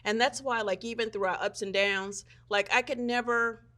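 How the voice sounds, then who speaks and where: A woman guest telling stories in casual chat, acting out quoted voices with big jumps in pitch and saying "like" and "so anyway" often. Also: fairly even intonation, normal speed, sharp tone. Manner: frequent "like" and "so anyway".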